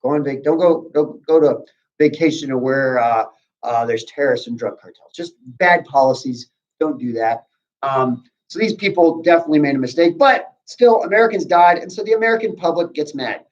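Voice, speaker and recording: A man's voice: fairly high pitch, moderate pace. A man teaching a history class in a casual, conversational way, with asides to his students. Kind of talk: classroom lecture. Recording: dull lo-fi recording.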